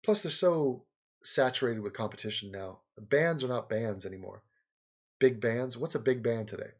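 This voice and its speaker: A man's voice: mid-range voice, normal speed, highs cut off. A man hosting a livestream, rambling sarcastically in casual chat and game commentary, often laughing. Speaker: livestream host.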